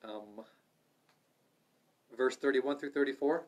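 A middle-aged man leading a livestreamed Bible study, earnest and conversational, swinging from loud urging to soft asides. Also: medium pitch, slow. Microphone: livestream microphone.

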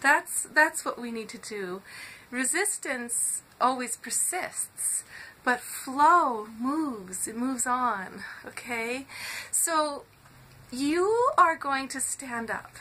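A woman hosting her own show, giving an earnest, animated motivational talk straight to her audience. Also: high-pitched, drawn-out words, low-quality recording. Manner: earnest and animated, acts out quoted shouting in a raised voice. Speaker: host.

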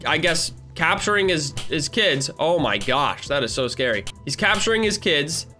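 A man hosting a gaming channel, giving excitable, playful gameplay commentary with lots of giggling and teasing. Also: a little high, moderate pace, faint music behind.

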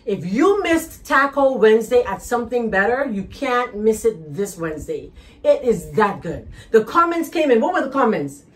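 A woman's voice: a little high, big pitch swings, moderate pace. Bubbly Bahamian woman hosting a cooking show. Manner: bubbly, chatty and teasing. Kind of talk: lively cooking show chat. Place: home kitchen.

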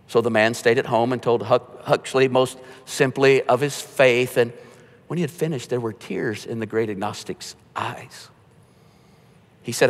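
A man preaching a sermon as pastor, conversational, with joking asides and quietly told stories. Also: mid-range voice, unhurried. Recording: long hall reverb.

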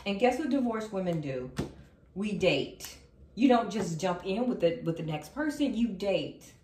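A woman's voice: mid-range voice, expressive, unhurried, dark tone. A woman doing a casual tarot reading for viewers. She talks in a sassy, emphatic way, repeats her lines and breaks into laughter. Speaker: tarot reader. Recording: roomy sound, distant from the mic.

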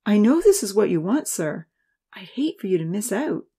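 A woman's voice: medium pitch, big pitch swings, moderate pace, warm tone, husky, voice pushed up. A woman voicing an earnest, nervous young male student who pleads and explains eagerly. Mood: pleading.

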